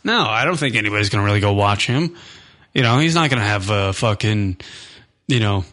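A man's voice: lowish voice, lively intonation, brisk. Ranting profane man on a talk show. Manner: ranting, swears often, laughs loudly. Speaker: podcast co-host. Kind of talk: casual profane banter.

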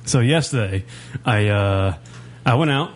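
A man's voice: mid-range voice, expressive, measured pace. A man in his thirties hosting an internet radio show, telling a long rambling story in casual studio banter. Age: 30s. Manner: rambling storyteller, frequent restarts.

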